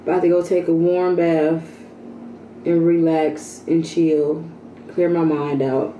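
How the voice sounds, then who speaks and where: A woman's voice: sits low, level tone, takes it slowly, mellow, slight background noise. A woman vlogger talking casually and candidly to her viewers, venting about her day. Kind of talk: casual vlog chat. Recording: echoey room, mic at a distance.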